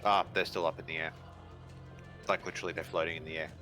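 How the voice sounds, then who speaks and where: A very deep-voiced man playing a tabletop game, rattling off his moves quickly and matter-of-factly. His tone is bright and forceful, with faint music behind. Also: fairly even intonation. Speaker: player. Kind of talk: casual tabletop game chat.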